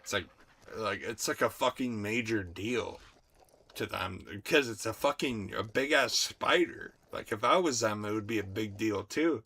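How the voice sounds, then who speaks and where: Man, young adult, gravelly, forceful, profane excitable streamer chat. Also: fairly low pitch, unhurried. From United States. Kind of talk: casual livestream chat.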